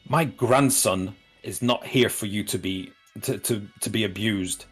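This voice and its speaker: Man voicing an old grandfather engineer, earnest, courteous, low voice, faint background music. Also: unhurried, a bit bright, slightly rough. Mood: protective.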